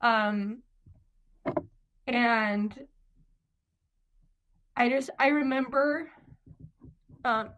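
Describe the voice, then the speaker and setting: A woman's voice: a little high, slow pace, long pauses, a bit bright, dull audio. A young woman in her twenties, a guest on an interview show, telling her own birth story with many ums and likes, tearful at moments. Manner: lots of "like" and "um", quotes others. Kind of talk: emotional personal storytelling.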